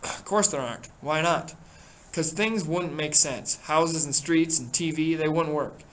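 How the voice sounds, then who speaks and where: A man's voice: on the high side, measured pace, a little hiss or hum, natural voice, low-quality recording. A man voicing an anxious, fussy, reasoning boy while reading a novel aloud. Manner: fretful, pleading.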